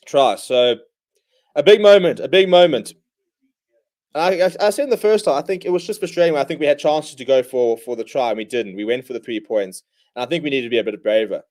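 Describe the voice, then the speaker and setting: A man's voice: a little high, a little mellow. Exasperated man ranting over live rugby. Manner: exasperated, ranting fan commentary; calls play-by-play in bursts. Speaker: watchalong host. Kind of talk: live match watchalong commentary.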